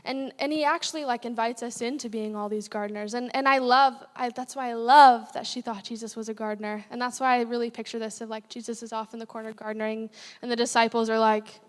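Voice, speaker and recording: A woman's voice: on the high side, fairly even intonation, fast talker, few pauses. A young woman giving a casual, chatty sermon as a guest speaker, with many fillers. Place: church hall. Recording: long hall reverb.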